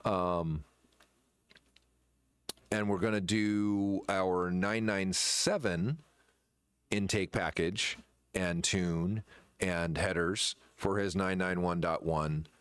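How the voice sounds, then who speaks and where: A man who runs a shop, chatting casually in a rambling, halting way with many fillers and restarts. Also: low-pitched, fairly even intonation, clean tone, dry recording. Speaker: shop owner presenting merchandise. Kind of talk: casual chat.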